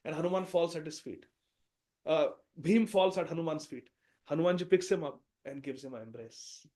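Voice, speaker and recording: A man teaching a scripture class, telling a story in an animated way. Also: on the high side, moderate pace. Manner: animated, acts out the characters.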